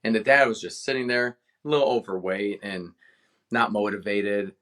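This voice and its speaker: A man's voice: fairly low pitch, steady tone, normal speed, fairly bright tone. A man from Cleveland, a retired veteran, telling a personal story as a podcast guest with passion and animation. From Cleveland, Ohio, USA. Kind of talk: casual interview storytelling.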